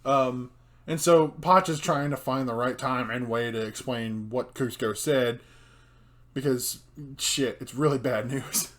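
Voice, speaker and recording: A young man co-hosting a casual film review chat, giggly and excitable, with many fillers. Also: mid-range voice, a little slow. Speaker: co-host.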